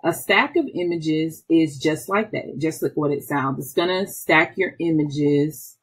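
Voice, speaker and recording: A woman, an instructional technology trainer, walking through software step by step in a patient, explaining way with small restarts. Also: low voice, a little slow, husky. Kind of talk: screen-recorded software tutorial.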